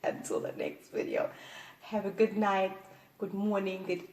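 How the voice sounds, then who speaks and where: A woman hosting a playful sex-advice talk, often giggling and letting out drawn-out "ooh"s. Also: mid-range voice, sing-song, darkish tone, far from the mic. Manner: giggly, playful, breathy exclamations. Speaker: host. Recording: echoey room, off-mic.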